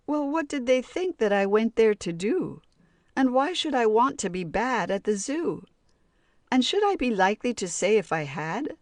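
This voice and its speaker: A woman reading children's poems aloud in a slow, sing-song rhyming way. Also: medium pitch, lively intonation, a little mellow, no room sound. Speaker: audiobook reader.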